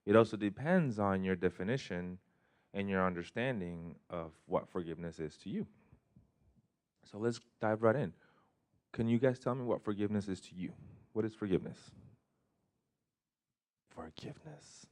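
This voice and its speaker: A man with a low voice speaks as a life coach to a live group. He talks into a mic in a joking, conversational way, and his phrasing stays loose and unpolished. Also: normal speed, darkish tone. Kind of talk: motivational talk to a live group. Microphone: handheld or stand mic.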